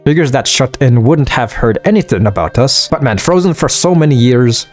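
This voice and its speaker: A man's voice: mid-range voice, lively intonation, moderate pace, lightly acted. Guy doing a hearty scottish dwarf miner, folksy and bouncy, little music underneath. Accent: put-on Scottish. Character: gruff middle-aged male dwarf miner, jovial.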